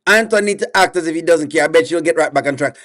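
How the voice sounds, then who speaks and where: A man's voice: a little high, fast, a bit bright. Exasperated man on a live stream. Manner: exasperated, repeats himself a lot, pleading with chat. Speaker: reaction streamer. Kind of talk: live-stream reaction commentary.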